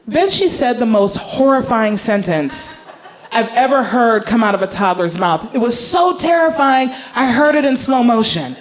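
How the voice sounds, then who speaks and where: Woman stand-up, club stage, handheld mic. Animated storyteller, big pitch swings, laughs along with the room. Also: moderate pace. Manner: animated, acts out voices, laughs at own jokes. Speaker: stand-up comedian. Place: comedy club stage before a live audience.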